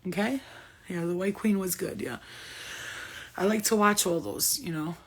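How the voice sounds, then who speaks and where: A woman speaks as a spiritual medium in an unfiltered, profane style, often laughing. Her voice is husky and sits at an ordinary middle pitch. She sounds like casual channeling talk rather than a formal reading. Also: moderate pace.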